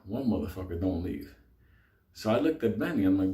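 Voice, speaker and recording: A man's voice: deep voice, moderate pace. A man telling a wild story casually, laughing and swearing often as he goes. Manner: profane, laughing, animated storytelling. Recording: echoey room.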